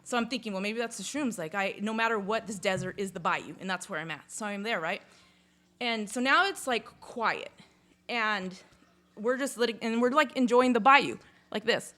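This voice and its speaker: A woman in casual conversation, telling a personal story in a lively, chatty way, with lots of "like" and some swearing. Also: mid-range voice, normal speed. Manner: chatty, full of "like", swears freely; lively retelling, acts out sounds and inner voices. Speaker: podcast guest.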